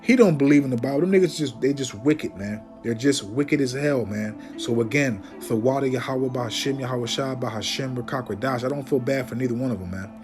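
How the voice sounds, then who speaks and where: A man's voice: mid-range voice, music in the background. Emphatic preaching man. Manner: emphatic, preachy, peppers talk with "man" and "okay?"; reads Bible verses aloud in a slower, declaiming voice. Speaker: Bible teacher. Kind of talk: informal scripture teaching.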